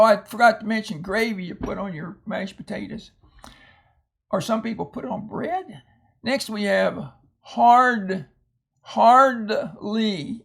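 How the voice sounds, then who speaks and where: A man's voice: high-pitched, creaky. A man teaching a phonics lesson, reading out a word list and explaining each word in a patient way with homely asides.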